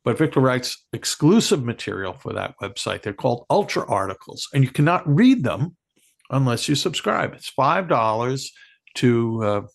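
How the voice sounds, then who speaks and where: Gravelly-voiced man, halting cohost. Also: mid-range voice, sing-song. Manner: halting, filler-heavy. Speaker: podcast cohost. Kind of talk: casual podcast chat.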